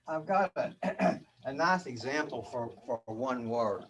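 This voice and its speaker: A man's voice: medium pitch, lively intonation, slow, a crowd in the background. A man as a spiritual teacher, giving a casual, rambling talk where he often repeats words and chuckles.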